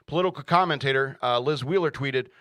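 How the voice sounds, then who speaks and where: Male radio host, mid-pitched, mocking and sarcastic, laughing through a news rant, dry close sound. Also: quick pace, fairly bright tone, no room sound. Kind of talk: ranting news commentary.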